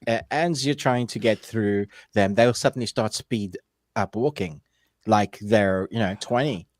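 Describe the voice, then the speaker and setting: A man's voice: lowish voice, unhurried, no room sound, studio quality. A man co-hosting a movie podcast, chatting casually and laughing often. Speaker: podcast co-host. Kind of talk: casual chat.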